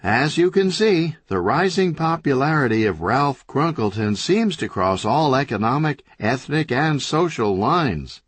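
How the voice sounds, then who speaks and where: A man voicing a pushy, sharp-tongued female TV newswoman with a brisk on-air delivery, raised well above his own pitch. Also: lively intonation, husky, no room sound. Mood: perky.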